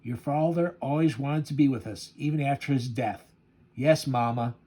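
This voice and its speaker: A man's voice: medium pitch, normal speed, mellow, natural voice. A man reading a tough vengeful comic-book cabbie. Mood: plain.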